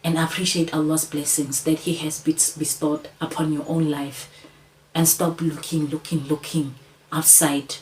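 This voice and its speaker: Low-voiced woman, earnest. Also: flat delivery, measured pace, darkish tone, slight background noise, poor audio. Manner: earnest, repetitive, coaxing, addresses listener as "Sana". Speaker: channel host. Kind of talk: motivational talk to camera.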